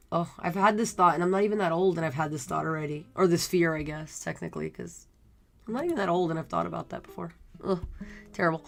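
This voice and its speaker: A woman's voice: fairly low pitch, gravelly. Giggly woman streamer chatting. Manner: chatty and giggly, reads text slowly. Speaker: streamer playing a game. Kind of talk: casual live-stream chat, reading game text aloud. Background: faint game music.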